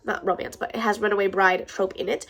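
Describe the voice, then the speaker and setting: A woman's voice: medium pitch, fairly even intonation, fast, vocal fry, fairly bright tone. A woman with a stuffed-up nose, chatting casually and gushing as a book vlogger, swearing now and then. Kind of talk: casual chat.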